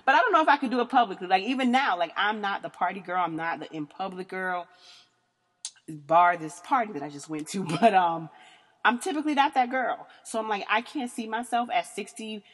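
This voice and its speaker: Speaking a little fast with lively intonation, this thirty-something podcast host recounts a story in a crude, blunt, laughing manner. Her mid-range voice is a bit bright, and the sound has long reverb.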